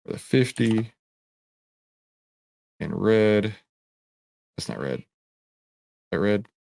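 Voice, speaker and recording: A man's voice: fairly low pitch, very animated, takes it slowly, creaky, a little mellow, dry recording. A man hosting a trading show, answering live viewer questions while working through charts in a casual, conversational way, often repeating himself and restarting sentences. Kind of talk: live Q&A with screen-share chart walkthrough.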